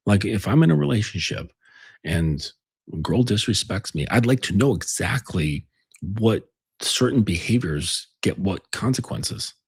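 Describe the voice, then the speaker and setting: Husky deep-voiced guy rambling about relationships, swears a lot, voice swings up and down a lot. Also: animated, a little slow. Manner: rambling, blunt and profane, with many fillers. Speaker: relationship coach. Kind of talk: casual advice monologue.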